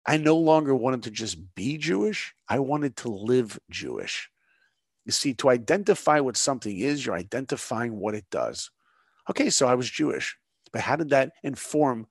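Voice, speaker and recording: A man telling personal stories in an interview, animated and emphatic. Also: mid-range voice, no echo, studio quality. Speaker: guest storyteller. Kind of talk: storytelling interview.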